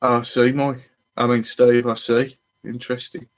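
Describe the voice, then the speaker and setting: A man's voice: mid-range voice, level tone, moderate pace. A man hosting a fishing channel, chatting casually on a live stream and greeting viewers as they arrive.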